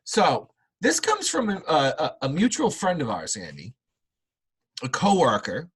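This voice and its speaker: A man's voice: a little high, unhurried, breathy edge, rough recording. A man hosting a casual sports podcast, telling rambling stories full of fillers. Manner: rambling, animated storytelling with many fillers. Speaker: podcast host.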